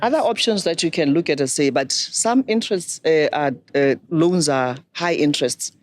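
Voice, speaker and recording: A woman's voice: sits low, animated, a little hiss or hum. Woman explaining finance. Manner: measured, instructive, poses questions to listeners. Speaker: banking and microfinance expert guest. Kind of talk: explanatory advice talk.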